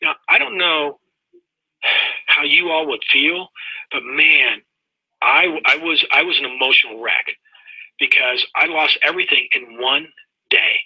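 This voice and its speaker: A man's voice: fairly high pitch, a little slow, pauses often, slightly rough, no echo. A middle-aged man telling a personal story in a webinar in a folksy way, talking straight to his listeners, heard through dull, lo-fi audio. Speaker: webinar presenter.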